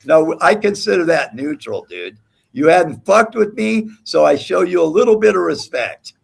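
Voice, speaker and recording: A man's voice: on the high side, lively intonation, normal speed, creaky, breathy edge. A man hosting a livestream panel, taunting and cursing at a rival in heated trash talk. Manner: profane, taunting, mocking. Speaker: livestream host.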